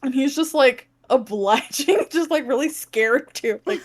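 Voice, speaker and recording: A woman co-hosting a podcast, recapping a book in casual chat, animated and laughing often as she acts out characters' lines. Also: high-pitched, measured pace. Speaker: podcast co-host.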